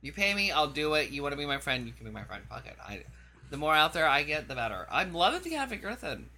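A woman hosting a crude casual chat, brash and profane, gossiping loudly and short on sleep. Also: sits low, very animated, quick pace. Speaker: show host.

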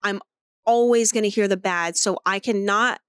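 A woman's voice: medium pitch, moderate pace, a bit bright, clear, resonant tone, dry recording, clean studio sound. A woman co-hosting a podcast in casual chat, talking things through at length, candid and swearing freely. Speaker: podcast co-host.

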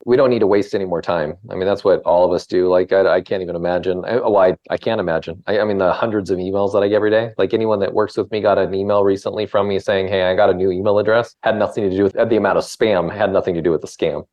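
A man appearing as a podcast guest, speaking in casual conversation with quick, halting restarts. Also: sits low, fairly even intonation, a little mellow, lo-fi sound.

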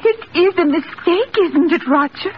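An actress playing a timid, gentle elderly woman in a 1940s-style radio drama, breathless with fluttering exclamations. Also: very high voice, expressive, moderate pace. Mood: dismayed. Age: older. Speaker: elderly spinster sister. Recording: dull old radio broadcast with hiss.

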